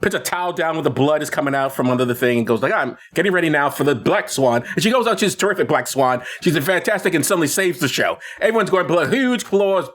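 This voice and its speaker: Podcast co-host, male, lively swooping delivery, slightly high, halting and chatty. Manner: animated, halting retelling with many restarts and laughs. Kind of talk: casual movie chat.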